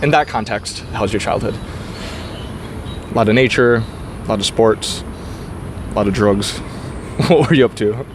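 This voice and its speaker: A man's voice: on the low side, a little slow, pauses often. A man hosting a podcast interview, rambling casually and swearing freely as he talks on concrete steps outdoors. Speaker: podcast host. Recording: outdoor traffic noise. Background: traffic noise.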